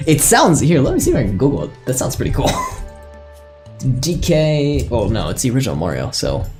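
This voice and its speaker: A man's voice: mid-range voice, wildly swooping pitch, normal speed, over music. A man chatting casually on a live stream as a server admin, thinking aloud and laughing often.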